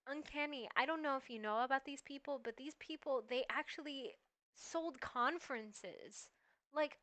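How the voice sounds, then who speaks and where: Woman streamer riffing on a video, high voice, rambly, says like a lot. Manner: rambling and animated, heavy use of "like". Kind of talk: casual reaction chat.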